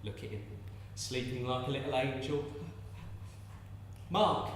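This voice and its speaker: On a distant stage mic in a large, echoey theatre hall, a man plays a distraught young peasant mother clutching her baby, his tender, cooing, fervent monologue erupting into shouted curses. His mid-range voice is unhurried and close to everyday speech, with a little hiss or hum.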